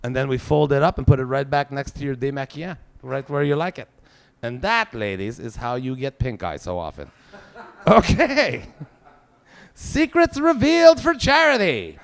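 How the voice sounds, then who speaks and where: A man's voice: mid-range voice, expressive, a little fast, creaky, clear, resonant tone. A man doing live stand-up, telling a crude, self-mocking story peppered with swear words. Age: 40s. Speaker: stand-up comedian.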